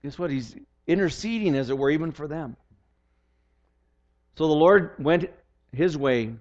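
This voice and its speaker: A man's voice: on the high side, measured pace, darkish tone. An older man preaching a sermon as pastor, earnest and often repeating words as he restarts his sentences. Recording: dull lo-fi recording.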